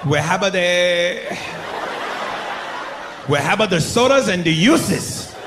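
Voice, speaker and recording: A man voicing a flustered male fast-food cashier with broken English and a put-on Spanish accent, stumbling and repeating words. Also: high-pitched, expressive, roomy sound. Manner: halting, repeats himself, mangles words. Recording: live club recording, crowd and noise.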